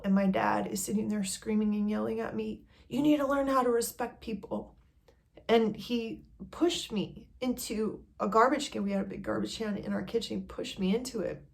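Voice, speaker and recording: A woman's voice: fairly low pitch, vocal fry. A woman vlogger telling a personal story in a candid, conversational way.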